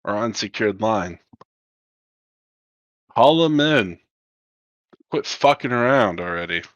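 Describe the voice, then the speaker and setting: A man's voice: on the low side, lively intonation, slow, a bit bright, no room sound, highs cut off. A man voicing a curt male pirate boss barking orders over the comms in a sci-fi tabletop game. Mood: annoyed.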